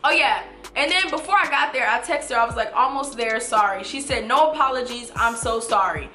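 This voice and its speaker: A woman in her twenties telling a storytime vlog, animated and casual, swearing and talking straight to viewers. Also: a little high, brisk, roomy sound, soft background music. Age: 20s. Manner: animated, swearing, addresses viewers as y'all and you guys. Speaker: vlogger.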